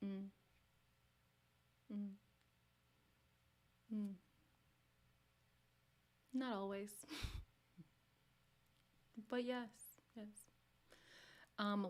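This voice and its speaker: A woman's voice: mid-range voice, slow pace, long pauses. A woman hosting a casual live watch party, chatting freely, reading viewer comments aloud and slipping into whispered asides. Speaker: livestream host reacting to a reality show.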